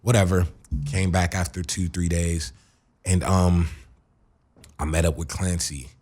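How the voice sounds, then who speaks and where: A man's voice: sits low, flat delivery, a little slow, darkish tone. A man as a radio interview guest, telling a rambling, profane story full of fillers and restarts. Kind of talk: casual storytelling. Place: radio studio.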